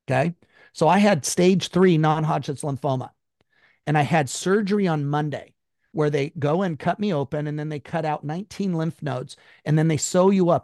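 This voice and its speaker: A high-strung man speaks bluntly and with force, swearing freely as he tells his own story in an interview. His voice sits a little high for a man. The sound is close and dry, with no room echo. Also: a little mellow. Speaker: guest.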